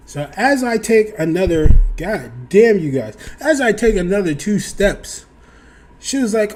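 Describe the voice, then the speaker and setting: Acting out the other characters, a young vlogger tells his viewers a loose, casual story, his pitch leaping and swinging widely. His voice runs slightly high for a man, with a darkish tone, and he keeps a measured pace while swearing freely.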